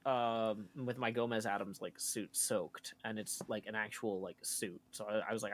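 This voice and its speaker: A man's voice: lowish voice, fairly even intonation, moderate pace, hardly any pauses, a little hiss or hum. A man co-hosting a live stream, chatting in a rambling way full of fillers. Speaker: stream co-host. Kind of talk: casual chat on a live stream.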